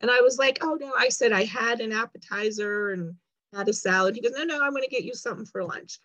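A woman's voice: fairly high pitch, quick pace, a bit bright, dry recording. A woman chats as a guest and tells a long story, slipping into the voices of the people she quotes. The sound is dry and somewhat dull. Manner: chatty storyteller, acts out quoted lines. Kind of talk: casual chat.

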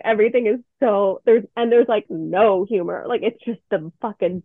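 A woman's voice: medium pitch, moderate pace, hardly any pauses, no echo. Candid woman on a tinny line. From Canada. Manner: candid, expressive, swears freely. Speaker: podcast guest, playwright and actor. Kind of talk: casual interview chat. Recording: tinny phone-like line, dry.

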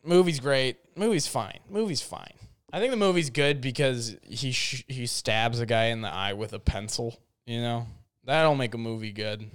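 A man's voice: mid-range voice, moderate pace, a bit bright, smooth, no room sound. A young man telling a rambling, jokey story in a casual vlog, full of fillers and restarts. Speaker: vlogger.

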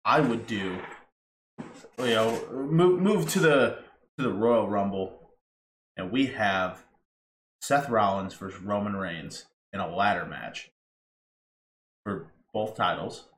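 A man co-hosting a podcast who chimes in with questions and lays out his own ideas in a measured way. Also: on the low side. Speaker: podcast co-host. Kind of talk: casual chat. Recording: echoey room with faint noise.

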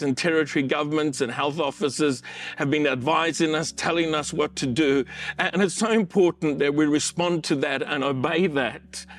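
A man delivers an online sermon in a somewhat high voice. He speaks earnestly and encouragingly, lingering slowly over the scripture he reads. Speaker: pastor.

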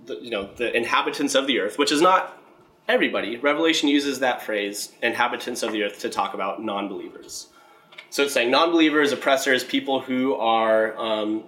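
A man explaining a Bible passage in a relaxed, conversational way, often checking in with "right?" and reading scripture aloud. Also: mid-range voice, low-quality recording. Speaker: Bible teacher. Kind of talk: casual Bible teaching.

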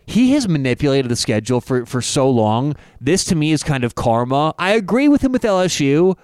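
A man's voice: a little fast, clean tone, no room sound. Opinionated male sports podcast host. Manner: animated and opinionated, pitch jumps when fired up. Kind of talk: casual sports chat.

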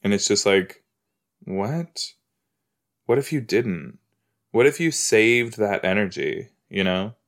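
A man's voice: lowish voice, animated, a little slow, vocal fry. A man hosting a podcast, casually reacting while he watches a TV episode. He rambles, fills his talk with "like" and "you know", and repeats his exclamations. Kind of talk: casual watch-along chat.

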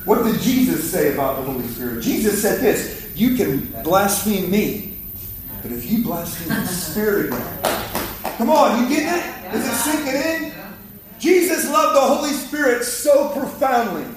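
A man's voice: sits high, very animated, moderate pace, a crowd in the background. A man preaching a fiery sermon in a church, exhorting the congregation and calling for their response. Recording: echoey hall, mic from far off.

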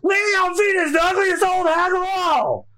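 Man doing a shrill panicky boy. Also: expressive, racing, heavily acted. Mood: defiant. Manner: shrill, frantic shouting. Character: timid panicky young male cabin boy.

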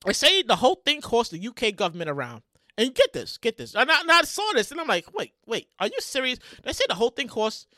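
A woman around forty hosting a podcast with animated solo commentary, loud and excitable, often yelling and swearing. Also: on the high side, fast talker, no room sound, studio quality. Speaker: podcast host.

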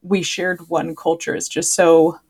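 Young american woman chatting on a podcast, lowish voice, lots of likes and ums. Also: a little slow. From United States. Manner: relaxed, reflective, with many fillers. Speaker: podcast guest, medical student. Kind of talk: casual conversation.

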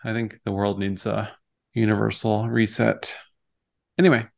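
A man's voice: on the low side, little pitch movement, moderate pace, creaky. A man co-hosting a podcast, chatting casually and animatedly while recapping a TV episode and quoting its scenes. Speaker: podcast co-host.

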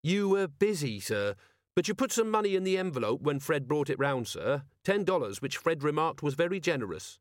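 A man's voice: on the high side, very animated, a little fast, no echo, clean studio sound, voice pushed up. Man voicing an earnest young watch captain. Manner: polite, dutiful, eager.

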